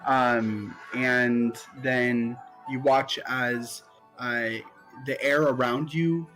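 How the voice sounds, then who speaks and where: A man slowly describing his character's spell in a tabletop game, pausing with many ums. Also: mid-range voice, steady tone, fairly bright tone, faint music behind, low-quality recording. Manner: slow, halting, many ums. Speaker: player.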